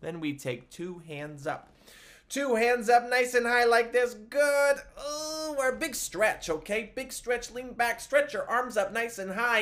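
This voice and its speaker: A man teaching a livestreamed music class for small children, talking in an animated, sing-song way. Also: very high voice, a little slow.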